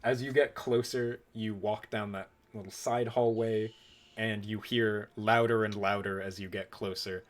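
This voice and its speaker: A young man runs a tabletop game as game master. His voice sits on the low side. He narrates loosely, full of fillers and restarts. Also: measured pace. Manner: relaxed, rambling narration with fillers.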